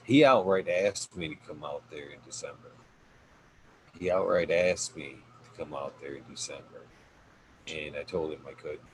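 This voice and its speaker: A man's voice: very deep voice, normal speed, background noise. A man hosting a casual podcast, rambling with lots of fillers as he thanks his guest. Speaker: podcast host.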